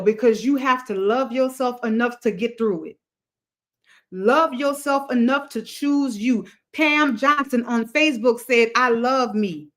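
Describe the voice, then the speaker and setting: A woman hosting a motivational livestream, talking to her chat in an emphatic, repetitive cadence like a preacher. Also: on the high side. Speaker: livestream host.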